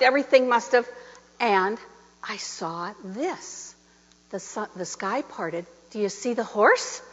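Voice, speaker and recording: A middle-aged woman minister preaches through a story, acting out the people in it with a swooping, animated delivery. Her voice is high and bright. The recording is dull and carries the long reverb of a large church. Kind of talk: sermon with storytelling. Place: church sanctuary.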